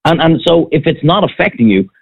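A man's voice: fairly high pitch, very animated, a little fast, creaky, a little hiss or hum. Fired-up Irish man, tinny phone-like sound. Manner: fired-up ranting, blunt and profane. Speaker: podcast guest, former restaurant owner. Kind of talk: casual chat.

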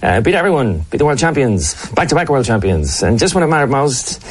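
Hesitant radio sports host. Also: male voice, medium pitch, big pitch swings, husky. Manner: hesitant, many fillers and dramatic pauses. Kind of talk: comedy sketch of a sports radio show.

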